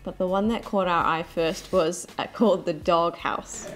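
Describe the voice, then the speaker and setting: A young woman with a New Zealand accent, chatting in a relaxed voice-over and finishing her partner's sentences. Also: fairly low pitch, moderate pace, soft background music. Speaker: travel vlogger.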